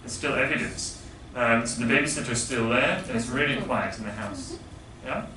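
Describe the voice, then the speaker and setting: A man's voice: medium pitch, normal speed. A man teaching an English grammar lesson to a classroom, patiently explaining and asking the class questions. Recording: echoey classroom, far from mic, background noise.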